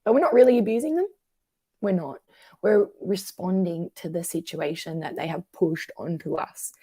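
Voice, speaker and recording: A woman, a coach talking through emotional patterns in a conversational interview, animated and acting out the voices she quotes. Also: fairly low pitch, normal speed, breathy edge, no echo. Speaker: guest coach.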